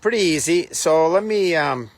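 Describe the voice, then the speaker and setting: A man's voice: a little high, expressive, moderate pace, no echo. A man co-hosting a gardening show, friendly and easygoing. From Minnesota. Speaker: co-host, master gardener. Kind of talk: casual educational chat. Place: outdoor garden.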